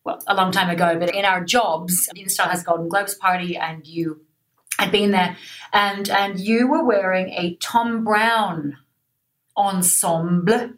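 Woman interviewer, chatty and excitable, sits back from the mic. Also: mid-range voice, unhurried, recorded from a distance. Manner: chatty, excitable, swears casually. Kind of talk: casual interview chat.

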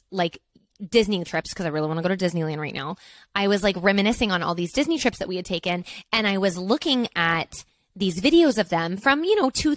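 A woman's voice: mid-range voice, no echo. Woman, 30s, podcast host, casual chatty monologue, rambling, dead dry sound. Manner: chatty, rambling, many fillers and asides. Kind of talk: casual solo podcast chat.

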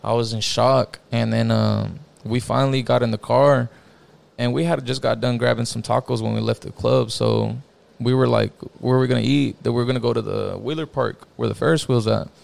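A young man recounts a personal story in loose, casual chat, his voice heavily gravelly with a deep vocal fry. His talk is slangy and full of swearing, with "bro" and "like" dropped in constantly. His pitch sits at an everyday middle level. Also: steady tone, fairly quick, a little mellow. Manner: slangy, profane, peppered with "bro" and "like". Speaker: guest telling a personal story.

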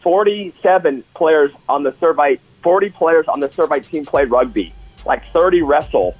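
Husky-voiced male co-host, enthusiastic storyteller, muffled audio. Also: on the high side, animated, moderate pace. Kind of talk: casual sports talk.

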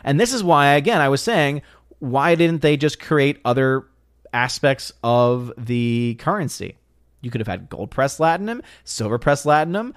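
A man casually reading and joking about viewer comments on a live stream, in an animated, playful way. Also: medium pitch. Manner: animated, jokey riffing on chat comments.

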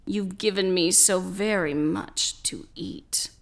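A woman's voice: mid-range voice, slow, creaky. A woman voicing a cruel, gloating half-vulture demon that cackles and howls its threats. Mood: menacing.

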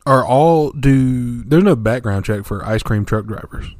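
A man co-hosting a casual podcast chat, animated and full of questions. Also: mid-range voice, measured pace, dry recording, clean studio sound. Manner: animated storyteller, asks lots of questions.

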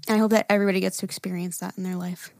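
A woman's voice: mid-range voice, flat delivery, very fast, creaky, a little mellow, no echo, studio quality. A woman co-hosting a podcast in casual chat, gushing and chatty, full of "like". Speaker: podcast co-host.

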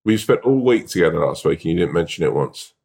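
A man co-hosting a podcast, telling stories in casual, animated chat with plenty of swearing. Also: sits low, fast. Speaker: podcast co-host.

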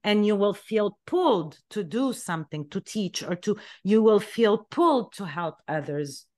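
A woman's voice: medium pitch, expressive, measured pace, a little mellow. A woman life coach speaking as an interview guest, earnest and reassuring, often repeating words for emphasis. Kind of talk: interview conversation.

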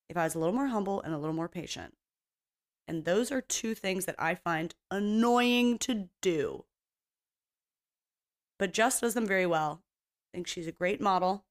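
A woman hosting a podcast on her own in casual chat, rambling and blunt, swearing freely and mocking herself. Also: mid-range voice. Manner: self-mocking and playfully opinionated. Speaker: podcast host.

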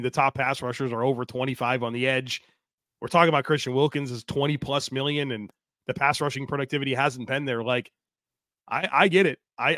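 A man's voice: medium pitch, sharp tone, no echo, clean studio sound. A man co-hosting a casual sports podcast, easygoing and conversational as he reads out listener takes. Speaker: podcast co-host.

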